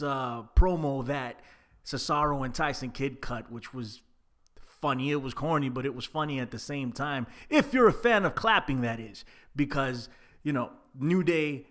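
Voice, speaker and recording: A man's voice: mid-range voice, a bit bright. A man casually reviewing a wrestling show, chatty and laid-back with plenty of fillers. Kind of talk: casual solo recap.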